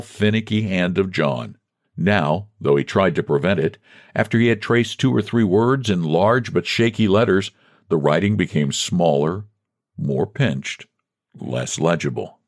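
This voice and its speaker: A man narrating a classic short thriller story in a measured storytelling manner. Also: low-pitched, dry recording, studio quality. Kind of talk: scripted narration.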